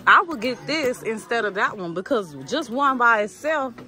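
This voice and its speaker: Over music, a woman vlogger with a slightly high voice and lively intonation talks at a moderate pace while shopping at a discount clothing store. She chats away to her viewers on camera, addressing them as "y'all."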